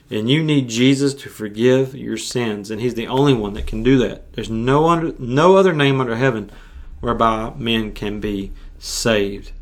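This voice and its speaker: A male preacher who hosts a podcast, giving an earnest sermon and often restarting and repeating himself. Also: mid-range voice. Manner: earnest, repetitive, with frequent restarts.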